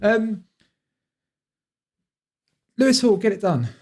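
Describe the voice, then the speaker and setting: Animated man mocking the telly. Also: sits high, takes it slowly. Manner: mocking, animated, talks back to the screen. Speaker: fan channel host reacting to clips. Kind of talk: casual reaction commentary.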